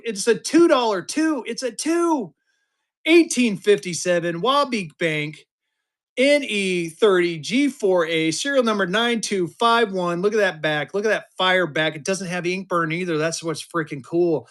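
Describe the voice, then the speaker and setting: A man in his fifties runs a casual live-stream auction, talking straight to his chat. His voice sits a touch high for a man, and he gets loud and excited as he hypes each item, cursing now and then. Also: moderate pace. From Colorado. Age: 50s.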